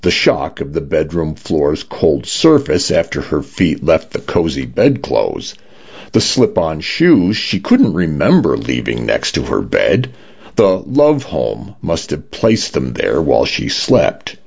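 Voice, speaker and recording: A man's voice: a bass voice, big pitch swings, slow, creaky, darkish tone, husky. A man reading science fiction stories aloud as a radio narrator. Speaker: radio story reader. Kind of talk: scripted narration. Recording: dull lo-fi radio broadcast.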